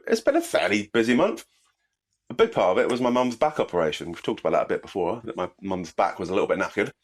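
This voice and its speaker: Fast-talking bunged-up British man. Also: on the low side. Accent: British English. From Britain. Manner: chatty and self-deprecating. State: bunged up with a cold. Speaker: podcast co-host. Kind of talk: casual chat.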